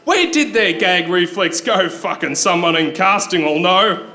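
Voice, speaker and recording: A young Australian man performing a live satirical rhyming poem on a pub stage, ranting fast. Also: high-pitched, animated, sharp tone, a little hiss or hum. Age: young adult. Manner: fast satirical rant in rhyme. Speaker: performance poet.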